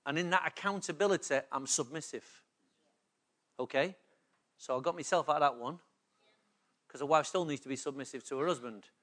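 A man's voice: a little high, fairly quick, pauses often, fairly bright tone. A man preaching a sermon as pastor, often putting rhetorical questions to the congregation.

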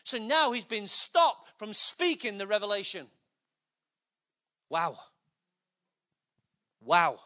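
An older man preaching a sermon, emphatic, swinging between loud declarations and hushed, low passages. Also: very animated, takes it slowly, pauses often.

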